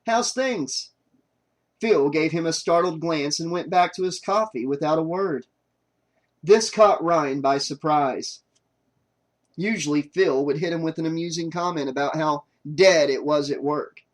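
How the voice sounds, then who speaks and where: Man, audiobook narrator, slightly higher pitch, steady even reading. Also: moderate pace. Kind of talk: horror novel audiobook narration.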